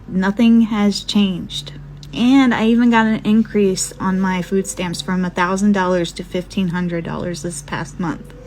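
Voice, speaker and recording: A woman answers her online critics with slow, deliberate speech. Her tone is scolding and dismissive. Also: medium pitch, a little hiss or hum. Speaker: social media poster. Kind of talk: defiant monologue to commenters.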